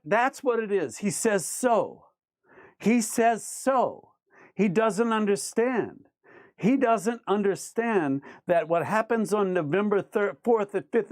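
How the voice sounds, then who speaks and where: A man's voice: high-pitched, dry recording. Ranting man with dry sound. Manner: emphatic, repetitive, argumentative; reads viewer comments aloud and rebuts them. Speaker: livestream host. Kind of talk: ranting live chat reading.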